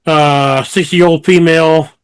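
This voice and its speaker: A man's voice: on the high side, fairly even intonation, unhurried, smooth, no room sound. A man co-hosting a casual podcast, reading out news stories and musing aloud in an easygoing way. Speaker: podcast co-host.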